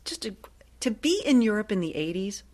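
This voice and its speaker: A woman in her sixties from Ohio, a guest telling stories in a chatty, lively way with frequent laughs. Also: medium pitch, a little fast. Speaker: guest, actress and voiceover artist. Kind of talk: casual interview storytelling.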